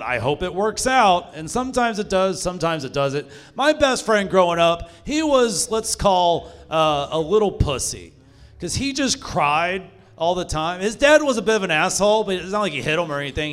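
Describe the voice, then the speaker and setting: Young man, stand-up comedian, high-pitched, profane, self-mocking, live club stage. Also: a bit bright. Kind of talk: stand-up set.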